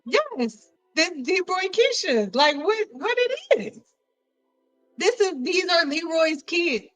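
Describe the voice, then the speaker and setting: A woman hosting a hair care live stream, joking around in a playful, animated way and repeating lines for effect. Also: very high voice, slow, faint music behind, poor audio.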